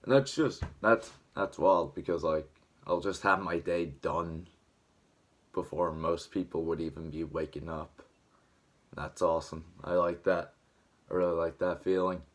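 A man's voice: low voice, steady tone, measured pace. A young man with a dry throat, rambling casually to camera at home early in the morning, still waking up. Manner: rambling, filler-heavy, just waking up. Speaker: vlogger.

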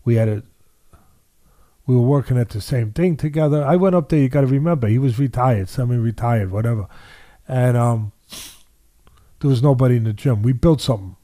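A man's voice: medium pitch, a little fast, long pauses, dark tone, no room sound, clean studio sound. An older man, a boxing trainer, telling stories in an interview, driving points home by repeating phrases. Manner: emphatic, repeats phrases for weight. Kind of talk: interview storytelling.

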